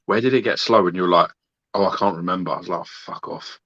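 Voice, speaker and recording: Man, co-host, bright forceful edge, blunt teaser, dull lo-fi dry recording. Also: low voice, fast talker. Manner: blunt, teasing and foul-mouthed. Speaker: podcast co-host. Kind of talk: casual chat.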